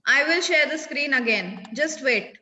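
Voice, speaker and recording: A woman with an Indian accent teaching an online class over a video call. She is firm and keeps repeating commands to quiet the class. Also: sits high, expressive, a little slow, long reverb tail, slight background noise, rough recording.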